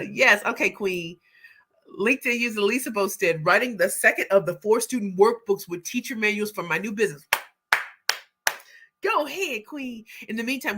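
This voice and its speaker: A middle-aged woman hosting a livestream, reading viewer comments aloud and greeting people by name with excited, exclamatory energy. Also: medium pitch. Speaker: livestream host, book pitch coach.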